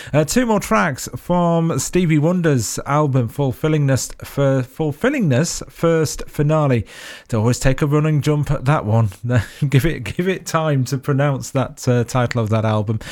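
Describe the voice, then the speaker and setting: A man's voice: medium pitch, darkish tone. Chatty radio DJ, man. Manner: chatty, rambling with fillers and restarts. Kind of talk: radio show links.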